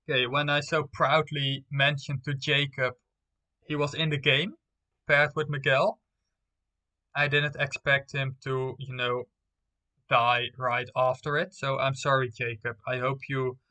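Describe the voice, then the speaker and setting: A man's voice: medium pitch, flat delivery, a little slow, long pauses, sharp tone. A young man streaming live, reading out game results and talking playfully to his viewers. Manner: playful, talks straight to viewers.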